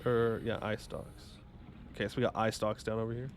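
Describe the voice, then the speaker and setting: A man's voice: fairly low pitch, level tone, fairly quick, slight background noise. A man streaming a game live, chatting casually and joking while answering his chat.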